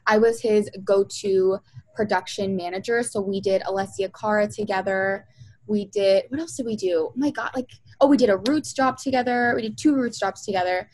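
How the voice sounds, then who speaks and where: A woman's voice: medium pitch, moderate pace, a little mellow, rough recording. A young woman, a music video producer, chatting in a casual interview and telling stories with lots of fillers and acted-out quotes. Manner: chatty storyteller, many fillers, acts out quotes.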